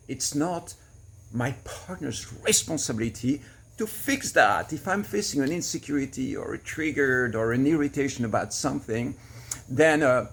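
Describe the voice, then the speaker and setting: A man coaching to camera, explaining in an earnest, patient way and laughing softly now and then. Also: medium pitch, a little hiss or hum. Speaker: relationship coach. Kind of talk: teaching to camera.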